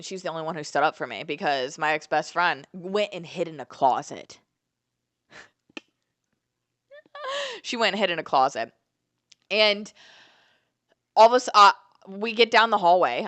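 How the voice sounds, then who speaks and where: A woman's voice: fairly low pitch, a bit bright, dry recording. A woman, telling a dramatic fight story in a casual vlog, swearing often and acting out the moments. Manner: profane, dramatic storytelling with acted-out quotes.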